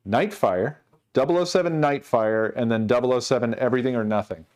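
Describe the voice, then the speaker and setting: A man's voice: mid-range voice, brisk, a little mellow. A man streaming and chatting casually with his viewers, ranting in mock exasperation while he sorts things. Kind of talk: casual livestream chat.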